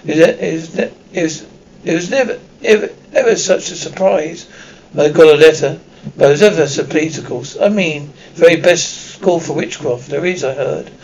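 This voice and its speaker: A bossy young witch who rattles off everything she knows at speed, as a man reading the book puts her on. The voice sits a little high with a gravelly grain, and the tone is a storybook one. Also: very animated, a little mellow, muffled recording, a little hiss or hum, heavily acted. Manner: talks very fast and bossily. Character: bossy know-it-all schoolgirl witch.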